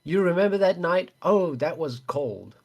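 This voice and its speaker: A man's voice: high-pitched, lively intonation, normal speed, a little mellow, pitched above the performer's own voice. A boastful politician rambles through a rally speech, bragging about his wins and drifting off topic. A man reads it out in a slightly raised voice.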